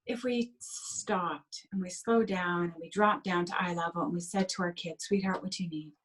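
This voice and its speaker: Mujer que habla con calidez y emoción. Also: female voice, lowish voice, normal speed, poor audio. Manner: gentle, heartfelt, acts out inner voices. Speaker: guest, sugar addiction coach. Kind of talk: interview over video call.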